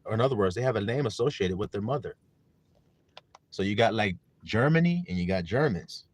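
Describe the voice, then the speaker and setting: On a livestream sermon, a man preaches emphatically, repeatedly asking listeners whether they understand and greeting viewers in the chat. His voice sits on the low side, expressive and a little fast, with a breathy edge.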